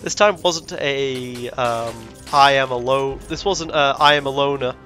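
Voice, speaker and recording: A man's voice: medium pitch, a little slow, pushed and bright, faint music behind. A young man vlogging casually, rambling with frequent self-corrections and indignant asides. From Britain. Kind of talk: casual rambling travel vlog.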